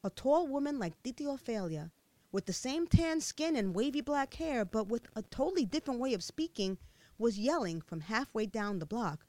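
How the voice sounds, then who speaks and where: Expressive woman reading a memoir. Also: a little high, moderate pace, dry recording. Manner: expressive storytelling with a childlike viewpoint. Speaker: audiobook narrator. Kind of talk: first-person memoir narration.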